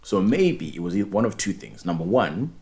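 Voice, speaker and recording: A man's voice: low voice, big pitch swings, moderate pace, a little mellow. A man co-hosting a podcast in casual chat, rambling and repeating words as he restarts his thoughts. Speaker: podcast co-host.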